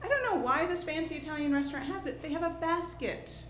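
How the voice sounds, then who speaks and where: A woman's voice: very high-pitched, expressive, fast, a bit bright. A woman in her thirties from New Jersey, telling an improvised personal story to a live audience in a chatty way, full of fillers. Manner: chatty, lots of fillers and restarts, laughing along. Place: pub stage. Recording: echoey pub room with faint noise.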